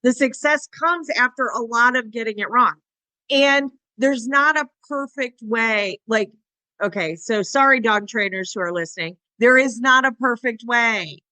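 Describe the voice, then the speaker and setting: Woman on a dog podcast, bright clear voice, dry close sound, chatty, acts out the dogs and owners. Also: a little high, unhurried, no room sound. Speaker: podcast co-host and dog trainer. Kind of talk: casual podcast conversation.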